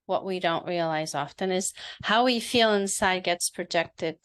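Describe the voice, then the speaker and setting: Calm, smooth-voiced female podcast host. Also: on the low side, unhurried, no echo. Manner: calm, affirming and explanatory. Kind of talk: interview reflection.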